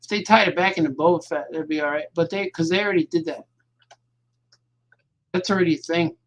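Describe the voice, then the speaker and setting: Creaky-voiced man chatting while drawing. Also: a little high, a little fast. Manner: chatty, repeats words, drifts between thoughts. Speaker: cartoonist hosting his own show. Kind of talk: rambling casual chat while drawing. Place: home at night.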